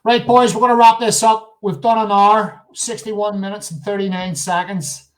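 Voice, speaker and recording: High-voiced man teasing his guests. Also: little pitch movement, normal speed, a bit bright, low-quality recording. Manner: teasing, joking banter. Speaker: show host and interviewer. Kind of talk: casual live chat.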